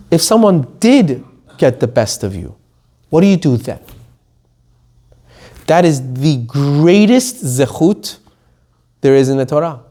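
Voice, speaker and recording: A rabbi giving an animated Torah lesson, reading quotes and explaining them in plain English. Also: male voice, on the high side.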